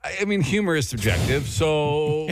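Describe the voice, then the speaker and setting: A man hosting a morning radio show, introducing a segment in animated banter with his co-hosts. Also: a little high, moderate pace, a little hiss or hum.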